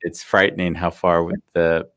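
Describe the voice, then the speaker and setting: Reflective host, lowish voice. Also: male voice, little pitch movement, moderate pace, fairly bright tone. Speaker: podcast host. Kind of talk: casual live podcast interview.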